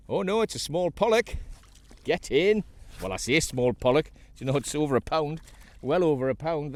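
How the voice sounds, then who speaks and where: A man giving chatty running commentary while fishing from a kayak at sea, talking to the fish he catches. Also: mid-range voice. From North East England. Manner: chatty, excitable, talks to the fish. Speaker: fishing vlogger.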